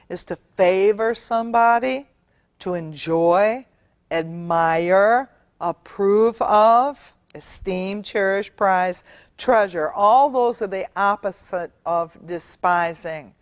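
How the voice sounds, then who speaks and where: A woman's voice: mid-range voice, no room sound. Earnest middle-aged woman teaching scripture. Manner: earnest, emphatic, with drawn-out words and fillers. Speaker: Bible teacher. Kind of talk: teaching sermon. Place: TV studio.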